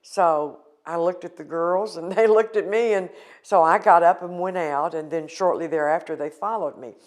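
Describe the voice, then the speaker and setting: Older woman, interviewee, low-ish voice, earnest, emotional storytelling. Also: normal speed. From United States. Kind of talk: recounting personal experience in an interview.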